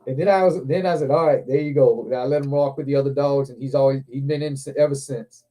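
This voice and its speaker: Speaking at a quick pace in a medium-pitched voice, this man hosts a show and spins a lengthy, foul-mouthed tale, voicing what he said as he goes. It's a laid-back livestream hangout with other men around him.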